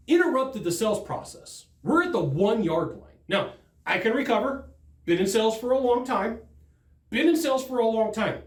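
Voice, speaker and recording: A man giving a sales training talk, telling stories from the field in an animated, emphatic way. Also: extremely high pitch, normal speed, roomy sound.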